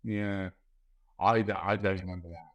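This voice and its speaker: A man's voice: low voice, steady tone, moderate pace. Hesitant man from England. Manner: hesitant, repeats words, tentative. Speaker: guest, nurse from England. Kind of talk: casual podcast chat.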